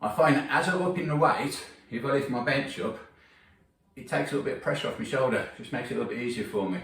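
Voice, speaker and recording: A man's voice: mid-range voice, quick pace, fairly bright tone. Blunt, sweary man in an echoey gym. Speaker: gym trainer. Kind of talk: casual workout vlog talk. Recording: roomy gym, mic at a distance.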